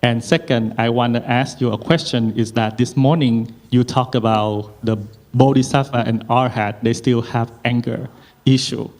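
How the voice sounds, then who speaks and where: A man's voice: mid-range voice, fairly even intonation, normal speed, a little mellow. A man asking his teacher a question, hesitant and full of fillers.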